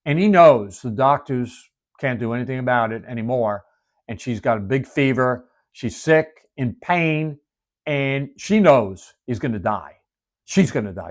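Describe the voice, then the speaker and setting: Male preacher, sermon storytelling, mid-pitched, swings from emphatic to hushed.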